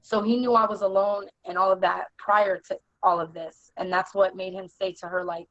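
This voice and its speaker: Halting young woman on a dull recording. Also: mid-range voice, level tone, a bit bright, no echo. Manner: halting, earnest, heavy use of "like". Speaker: interview guest. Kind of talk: personal storytelling in conversation.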